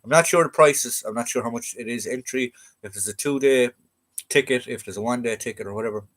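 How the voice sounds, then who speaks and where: A man's voice: mid-range voice, fast, fairly bright tone. Easygoing Irish man hosting a live chat. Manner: rambling, easygoing, many fillers and restarts. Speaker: livestream host. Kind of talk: casual live-stream chat with viewers.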